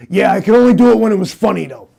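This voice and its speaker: A man puts on a gruff, cocky cyborg detective in an improvised comedy interrogation. His voice is gravelly and dark but sits a little high. He drawls, rambles and keeps saying the name of the man he is talking to. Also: expressive, very fast, full character voice. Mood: smug.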